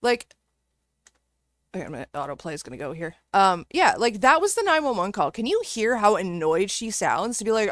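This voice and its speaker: A woman's voice: mid-range voice, sing-song, moderate pace, a bit bright, no room sound. Furious profane woman ranting close to the mic. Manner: profane, heated, sarcastic. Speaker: commentator reacting to clips. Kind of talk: angry reaction rant.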